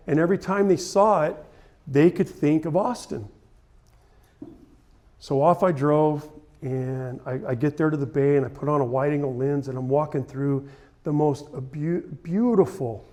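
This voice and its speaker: A man's voice: on the high side, darkish tone. Earnest middle-aged man telling a story. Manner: earnest, heartfelt, building to emotional peaks. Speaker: photographer giving a conference talk. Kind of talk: personal storytelling presentation. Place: conference hall stage.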